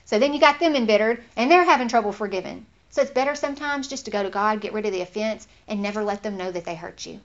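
A woman leads an informal Bible teaching, earnest and conversational. Her voice sits at a middle pitch, and she gets animated when she acts out what others say. The recording is slightly dull and lo-fi. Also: fast talker, few pauses.

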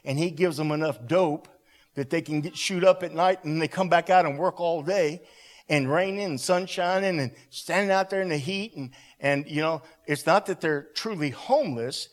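A man preaching a sermon to a congregation in a church hall, animated and calling out to the room. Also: a little high, moderate pace.

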